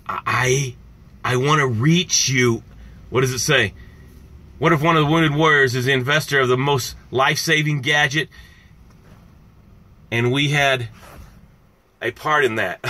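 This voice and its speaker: A man's voice: mid-range voice, fairly even intonation, unhurried, long pauses, pushed and bright. A man coaching viewers on a live stream in an impassioned, direct way, repeating his key points. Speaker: success coach. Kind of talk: motivational live-stream talk.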